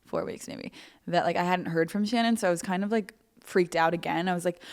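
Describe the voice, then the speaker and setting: A young woman hosting her podcast in a casual storytelling chat. Her voice sits a little low for a woman, and she talks in a rambling, self-mocking way, dropping "like" into almost every phrase. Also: brisk. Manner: chatty, animated, heavy use of "like", self-mocking. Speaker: podcast host.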